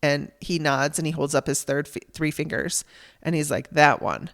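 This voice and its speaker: A woman's voice: deep voice, fairly even intonation, normal speed. A woman hosting a podcast, telling a raw personal story in a candid, emotional way and swearing casually. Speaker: podcast host.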